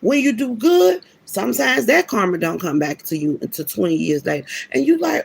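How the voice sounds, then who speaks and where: A woman's voice: mid-range voice, sing-song, brisk, vocal fry, hardly any pauses, slightly rough. A woman telling a personal story in a casual, preachy way, emphatic and slangy, often restarting her sentences. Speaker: vlogger.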